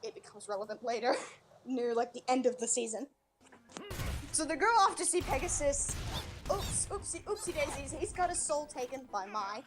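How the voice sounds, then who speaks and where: Rambling, foul-mouthed high-voiced woman streamer. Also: moderate pace, music in the background. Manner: rambling, animated, swears freely. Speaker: livestreamer. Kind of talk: casual chat while streaming a game. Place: home streaming setup.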